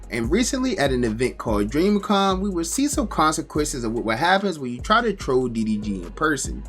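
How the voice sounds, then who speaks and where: A man narrating a scripted commentary video, explaining and telling a story. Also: medium pitch.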